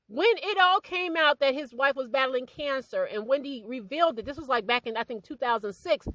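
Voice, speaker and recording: A woman hosting a celebrity gossip video, talking casually and reading a statement aloud with emphatic, animated delivery. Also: no room sound, rough recording. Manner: animated and emphatic, drops low and quiet in asides.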